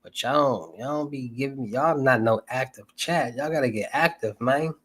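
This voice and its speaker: A man's voice: mid-range voice, moderate pace, a bit bright, no echo. Young southern guy rambling to his stream chat, slangy, dry close mic. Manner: loose, rambling, slangy, asks chat for topics. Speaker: livestream host. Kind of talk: casual livestream talk to chat.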